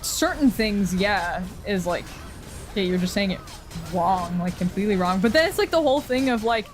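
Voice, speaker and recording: Faint music plays behind this Canadian woman as she streams a game, her medium-pitched voice expressive and moderately paced. Her talk is rambling and profane, broken up by frequent laughter.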